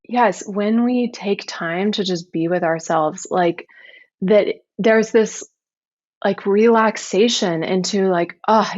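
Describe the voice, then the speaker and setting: A woman who founded a company, speaking as a podcast guest in a reflective, earnest way with halting restarts. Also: mid-range voice, a little mellow, dry recording, highs cut off. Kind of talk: casual podcast interview.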